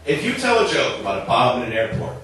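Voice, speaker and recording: A young man from southern Minnesota works a bar stage with a chatty stand-up set, conversational and full of "like" and "right." His medium-pitched voice swoops wildly and moves quickly, with a fairly bright tone. It's captured from a distance in an echoey bar, with a little hiss or hum.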